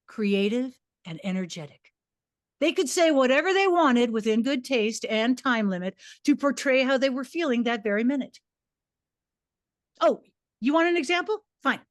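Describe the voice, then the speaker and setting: A woman, a former teacher, reads her memoir aloud in a fairly high voice. She is theatrical, her pitch and volume swinging widely as she acts out commands to her class. The recording is dry and close. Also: dry recording. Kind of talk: reading her memoir aloud to a live audience.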